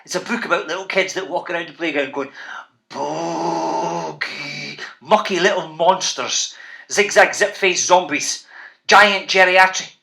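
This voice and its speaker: A man's voice: sits high, normal speed, bright, forceful tone. A man with a Scottish accent, an author hosting a children's reading show, playful and bouncy as he calls out to the kids. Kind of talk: lively talk to school classes.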